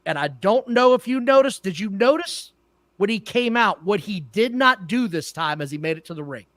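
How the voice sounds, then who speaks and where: A man's voice: high-pitched, animated, normal speed, a bit bright, no room sound, studio quality. A man co-hosting a wrestling podcast, blunt and opinionated, who often trips over names. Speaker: podcast co-host. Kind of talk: casual wrestling talk.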